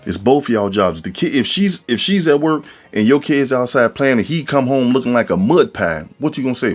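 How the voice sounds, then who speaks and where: A man hosting a podcast in a casual, animated monologue, preaching about relationships and acting out quoted voices. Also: medium pitch, a little fast, few pauses, soft background music. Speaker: podcast host.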